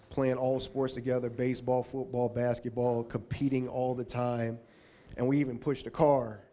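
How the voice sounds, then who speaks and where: At an awards podium, a man being inducted into a Hall of Fame gives an emotional acceptance speech in a warm, mid-range voice. He rambles and restarts often, thanking people one at a time.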